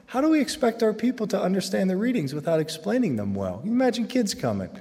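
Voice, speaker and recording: A man gives a lively, joking faith talk to a crowd, his voice jumping into loud excited bursts. His words ring out with a long reverb in a large hall. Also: sits high, quick pace. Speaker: Catholic speaker. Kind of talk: humorous faith talk to a live audience.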